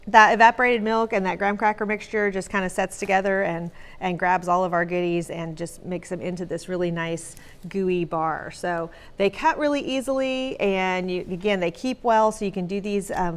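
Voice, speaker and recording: A woman's voice: lowish voice, smooth. A woman on a morning news show, chattily explaining how to bake a dessert as a guest. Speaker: guest baker. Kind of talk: cooking segment chat.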